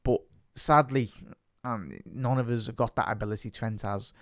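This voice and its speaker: A man's voice: mid-range voice, steady tone, normal speed, no room sound, studio quality. A man with a Liverpool Scouse accent hosting a fan podcast, talking casually and passionately, rambling and often repeating himself.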